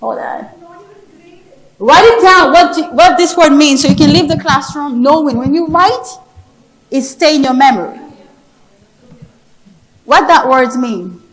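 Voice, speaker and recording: High-pitched woman teaching a room, lively teacher vibe, repeats stuff to drive it home. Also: unhurried, pauses often, rough recording. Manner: animated, teacherly, repeats words for emphasis. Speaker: speaker teaching pronunciation. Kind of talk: interactive classroom-style talk. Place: conference hall.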